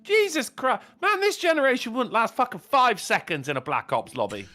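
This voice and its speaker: Sweary British man, very lively voice. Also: very high-pitched, moderate pace. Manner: blunt, sweary, mocking. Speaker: podcast co-host. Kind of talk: casual banter.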